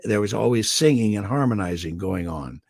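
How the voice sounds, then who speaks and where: An older man from Indiana tells stories as a guest, in a low, gravelly voice with a husky edge. His story comes over a dry, close call sound. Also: normal speed, dry recording. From Indiana, USA. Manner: animated storyteller, slips into character voices for quotes. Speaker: guest voice actor. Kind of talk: anecdotal storytelling.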